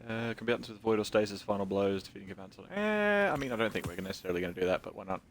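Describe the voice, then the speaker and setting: A man's voice: on the low side, expressive, racing, slight background noise. A man streaming a video game, joking, rambling and reading game text aloud in casual commentary.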